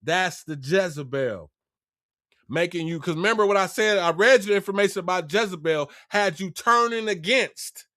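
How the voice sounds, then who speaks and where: A man's voice: high voice, animated, moderate pace, fairly bright tone, dry recording, studio quality. A middle-aged man hosting a casual livestream, preaching in street talk and acting out both sides of a conversation. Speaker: livestream host.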